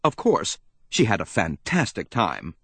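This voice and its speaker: A man reading a children's audiobook aloud with playful, expressive narration. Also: low-pitched, unhurried, creaky, slightly rough, dry recording. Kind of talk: scripted narration.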